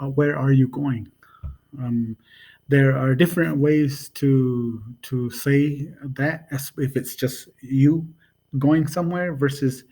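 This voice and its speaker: Slow, halting man giving a language lesson. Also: mid-range voice, a little mellow. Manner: slow, halting, many ums, repeats sounds patiently. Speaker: language teacher. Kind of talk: casual home video lesson.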